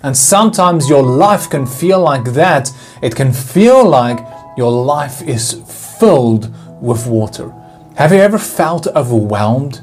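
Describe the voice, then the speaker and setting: A man's voice: mid-range voice, animated, takes it slowly, a little mellow, faint music behind. A man giving a devotional sermon in an earnest, pleading way, asking rhetorical questions. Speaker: devotional speaker.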